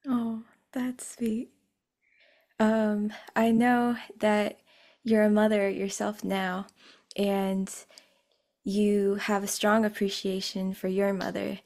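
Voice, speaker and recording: A woman interviewing a guest, soft-spoken and encouraging as she asks her questions. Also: mid-range voice, level tone, slow. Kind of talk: interview conversation.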